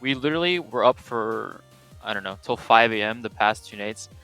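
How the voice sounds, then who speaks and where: A man co-hosting a live esports broadcast, talking in an excitable, rambling way. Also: on the low side, normal speed, gravelly, faint music behind. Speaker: esports co-caster and organizer.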